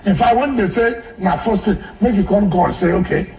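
High-voiced Nigerian man, roomy distant clip. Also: normal speed, a little mellow. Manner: joking, laughing while he talks.

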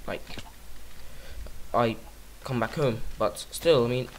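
A man's voice: mid-range voice, slow pace, a little hiss or hum. A man giving casual let's-play commentary on his own game, rambling and silly, talking to himself and singing nonsense syllables. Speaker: gaming YouTuber.

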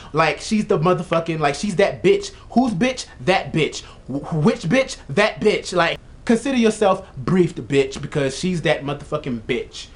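A young man rants straight to his camera in a loose, profane vlog. His voice sits a little high, and he keeps tripping over filler words as he tells the story. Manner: profane, animated storytelling with lots of "like". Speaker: vlogger. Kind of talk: casual vlog rant.

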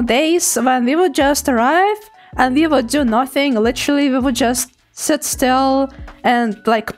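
Young woman, native Russian speaker, high voice, giggly, chatty streamer, faint music behind. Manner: giggly, chatty, often laughs and apologises. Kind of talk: casual live-stream chat reading out chat.

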